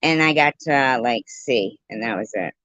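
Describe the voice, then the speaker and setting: A woman livestreamer telling a story and joking with her viewers in an animated, playful way, on a dull, dry lo-fi recording. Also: very deep voice, no echo. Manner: animated, jokey, slow and drawn out. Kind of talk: casual storytelling and chat.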